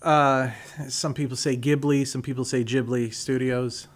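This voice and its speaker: A man's voice: medium pitch, little pitch movement, unhurried. Man, medium voice, radio guest, hesitant, casual chat.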